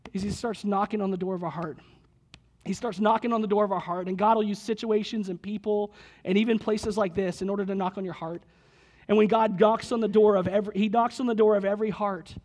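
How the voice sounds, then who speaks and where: A man preaching a lively sermon in a church, slightly husky today, retelling a movie scene with quoted voices before leading a prayer. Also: high voice. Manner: lively storytelling, quotes characters, prays aloud. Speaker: pastor.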